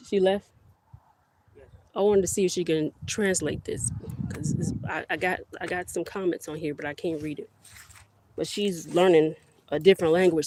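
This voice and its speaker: A woman's voice: lowish voice, mellow. Chatty woman livestreaming from her yard. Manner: chatty, rambling, talks to viewers as y'all. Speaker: livestream host. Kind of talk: casual live-stream chat. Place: outdoors in a garden yard. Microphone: phone held close.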